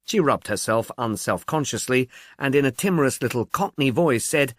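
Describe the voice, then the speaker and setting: A man reading a novel aloud in a wry, measured storytelling voice. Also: mid-range voice, expressive, no echo. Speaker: audiobook narrator. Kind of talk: scripted narration.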